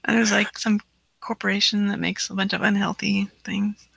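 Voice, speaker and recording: Brief: prank-show co-host, bright gravelly voice, dry short replies. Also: medium pitch, flat delivery, normal speed, no room sound, rough recording. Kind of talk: casual live-show banter.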